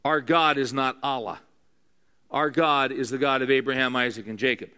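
A man's voice: mid-range voice, steady tone, moderate pace, sharp tone, clean tone. A man preaching a sermon to a room of men, conversational and earnest, often asking his listeners questions.

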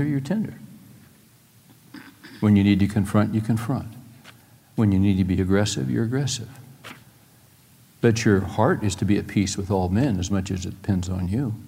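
A middle-aged man preaching a sermon to a room full of people, moving between emphatic points and quiet personal stories. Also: fairly low pitch. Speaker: pastor. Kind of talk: sermon to a live audience. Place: large room with an audience. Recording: long hall reverb.

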